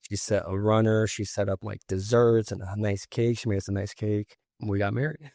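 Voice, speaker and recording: A man's voice: on the low side, steady tone, normal speed, gravelly, mellow, dry recording, clean studio sound. A young man co-hosting a faith podcast with his wife, recalling their early marriage in an easygoing, laughing way. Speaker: podcast co-host. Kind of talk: casual faith conversation.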